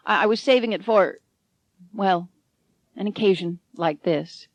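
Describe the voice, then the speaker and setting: A woman voicing a stern middle-aged head nurse who is softening. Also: mid-range voice, unhurried, dry recording, natural voice. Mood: moved.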